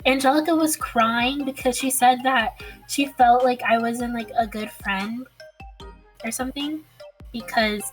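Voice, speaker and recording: High-voiced young woman telling a rambling story. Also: steady tone, measured pace, soft background music, low-quality recording. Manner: rambling, swears and laughs often. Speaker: podcast co-host. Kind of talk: casual chat, storytelling.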